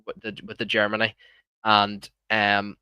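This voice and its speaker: A man's voice: lowish voice, completely flat delivery, unhurried, bright, forceful tone, smooth, no echo. A young Irish man hosting a live stream, talking casually and heatedly, swearing often and calling listeners "man". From Ireland. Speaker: livestream host.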